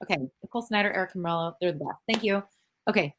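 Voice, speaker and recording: A woman's voice: mid-range voice, racing, a bit bright, slight background noise. Chatty rambling Canadian woman. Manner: chatty and rambling, frequent fillers, casual swearing. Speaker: actress panel guest. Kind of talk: casual fan Q&A on a virtual panel. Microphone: video call.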